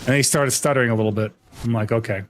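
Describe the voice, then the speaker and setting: A young American streamer chats casually on a gaming livestream, greeting viewers and telling stories in a rambling, profane, animated way. His medium-pitched voice races along, with slight background noise behind it.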